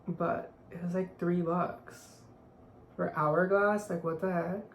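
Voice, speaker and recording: A young beauty vlogger speaks slowly in a fairly low, steady voice during a casual makeup tutorial chat. She's offhand and chatty, constantly saying "like," and the echoey room adds faint hiss.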